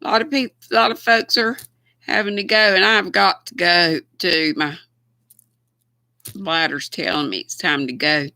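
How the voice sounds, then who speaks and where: An older woman with a Southern US accent hosts a livestream, chatting casually and folksily with viewers and laughing often. Her voice is on the low side with vocal fry and a sharp tone, at a moderate pace, in a dry recording.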